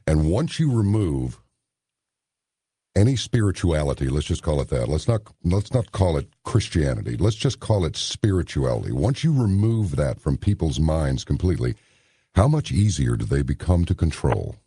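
A male radio host running a late-night interview, measured and pausing with "uh" a lot. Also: very deep voice, very animated, mellow, slightly rough, no room sound. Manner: measured, with many "uh" pauses.

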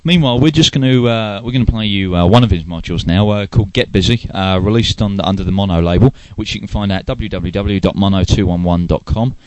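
A man's voice: lowish voice, fast talker, hardly any pauses, dry recording. A man hosting an internet radio show in casual chat, loose and joking, with plenty of filler words.

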